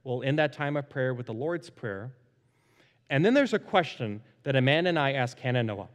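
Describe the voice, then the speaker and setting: A man in his thirties, a pastor preaching a sermon into a microphone, animated and playful as he acts out family stories. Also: mid-range voice, fairly quick. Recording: long hall reverb.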